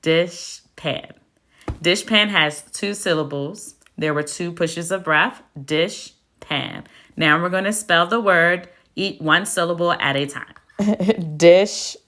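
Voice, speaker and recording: A woman teacher giving a phonics spelling lesson, speaking slowly and deliberately and spelling words out letter by letter. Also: lowish voice, pushed and bright. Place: classroom.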